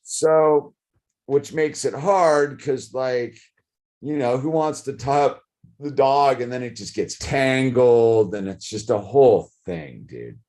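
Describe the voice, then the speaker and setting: A man's voice: medium pitch, slow, darkish tone. A middle-aged man, rambling casually to camera, full of "dude" and "like". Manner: rambling, says "dude" and "like" a lot. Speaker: vlogger.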